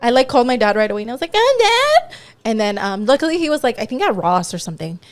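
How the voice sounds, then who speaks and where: A woman's voice: fairly high pitch, racing. A woman co-hosting a podcast, telling a story in casual chat and acting out the people in it. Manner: animated storyteller, acts out the other people in her tale. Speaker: podcast co-host.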